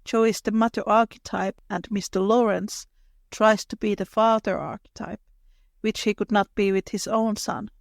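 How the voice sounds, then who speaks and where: A woman's voice: mid-range voice, steady tone, moderate pace, vocal fry, dry recording, clean studio sound. A woman co-hosting a podcast, thoughtfully adding details from the book in casual chat. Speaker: podcast co-host.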